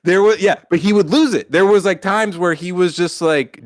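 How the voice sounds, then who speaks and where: A man co-hosting a podcast, talking casually in a rambling, profane, animated way with lots of restarts. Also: on the high side, normal speed, hardly any pauses, no room sound, clean studio sound. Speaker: podcast co-host.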